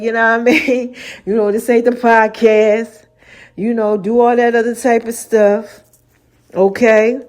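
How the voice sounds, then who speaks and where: A woman hosting her own podcast in a casual, animated monologue, preaching about faith and laughing often. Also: on the high side. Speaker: podcast host.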